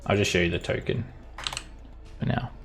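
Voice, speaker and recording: A man's voice: on the low side, normal speed, creaky, a bit bright, faint music behind. A man narrating a tabletop game as dungeon master, describing the scene in a loose, descriptive way.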